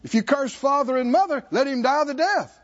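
A man preaching a sermon, asking the congregation for responses and slowing down to stress key words. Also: extremely high pitch, expressive, dull audio. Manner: call-and-response preaching, slows for emphasis. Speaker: pastor.

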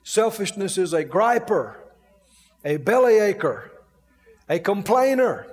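A man's voice: high-pitched, sing-song, slow pace. A man preaching a sermon in a playful way, with his own laughter between points. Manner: playful, mimics grumbling, laughs often. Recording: long hall reverb.

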